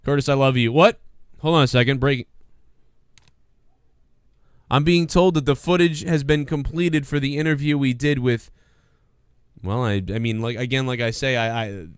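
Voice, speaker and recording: A man's voice: medium pitch, fairly even intonation, moderate pace, pauses often, clear, resonant tone, dry recording, clean studio sound. A man hosting a casual comedy podcast, rambling and joking with lots of fillers. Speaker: podcast host.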